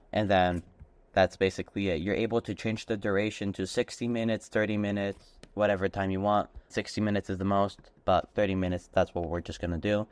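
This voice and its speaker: Low-voiced man walking through software. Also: clear, resonant tone, dry recording. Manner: casual, step-by-step, repeats "and then". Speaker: tutorial host. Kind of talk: screen-recorded software walkthrough.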